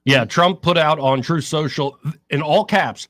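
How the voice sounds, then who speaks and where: A man's voice: mid-range voice, normal speed, hardly any pauses, no echo. A man hosting talk radio, explaining politics and mimicking what others say. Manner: explanatory, quotes others in an animated voice. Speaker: radio talk show host.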